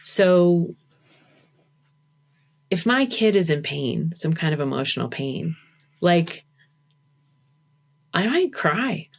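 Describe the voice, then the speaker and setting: Woman guest on a podcast, kinda low voice, super chatty, says like a lot. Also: very animated, takes it slowly, pauses often. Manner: chatty, lots of "like" fillers. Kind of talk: casual conversation.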